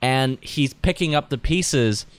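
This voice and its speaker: A man's voice: mid-range voice, takes it slowly, smooth. A man hosting a podcast, chatting casually and rambling with frequent restarts. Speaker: podcast host. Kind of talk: casual chat.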